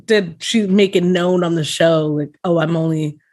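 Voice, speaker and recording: A woman's voice: fairly low pitch, normal speed, darkish tone. Woman podcast cohost, curious, laughs a lot, always asking stuff. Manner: curious, laughs easily, asks questions. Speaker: podcast co-host. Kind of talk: casual chat.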